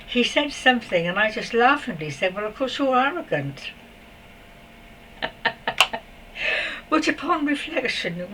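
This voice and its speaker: A woman's voice: mid-range voice, distant mic, poor audio. An older woman tells a personal story, chatty and meandering and full of asides. Her voice sits a little away from the microphone, with faint noise behind it. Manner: chatty and rambling, with soft laughs and asides. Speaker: spiritual vlogger.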